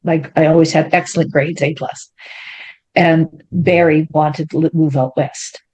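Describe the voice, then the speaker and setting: A woman, sitting as a guest in an interview. She tells her story with energy and often jumps into the voices of the people in it. Her speaking voice sits a little lower than most women's. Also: a little slow, breathy edge. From Ontario, Canada. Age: 70s. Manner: animated, acts out quoted speech in a raised voice.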